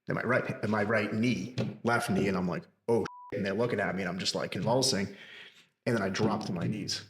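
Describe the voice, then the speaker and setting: Candid man telling a story, low voice. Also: steady tone, fairly quick, fairly bright tone, reverberant. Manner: candid storytelling, swears freely. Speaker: podcast co-host. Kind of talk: casual chat.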